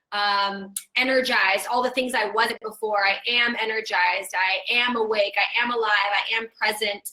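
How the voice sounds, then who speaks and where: A woman's voice: fairly high pitch, bright, forceful tone. A woman co-host in casual chat, speaking in an enthusiastic, earnest way. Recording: echoey room.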